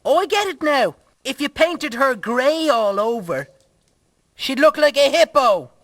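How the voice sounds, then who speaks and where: A bright, barking Irish puppet. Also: male voice, extremely high pitch, expressive, unhurried, dry recording, exaggerated voice. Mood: mocking. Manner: scornful, barking insults, relishing a spooky tale. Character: foul-mouthed grumpy Irish farmer puppet storyteller. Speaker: puppet co-host.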